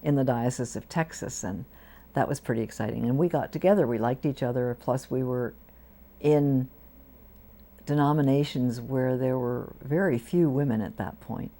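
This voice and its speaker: A low-pitched, gravelly older woman shares stories from her life as a priest. Her tone is dark and mellow, and she drops into lively voices when she quotes the people she met. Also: moderate pace. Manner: warm anecdotal storytelling with lively quoted voices. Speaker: Episcopal priest, interviewee. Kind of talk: storytelling interview. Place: community TV studio.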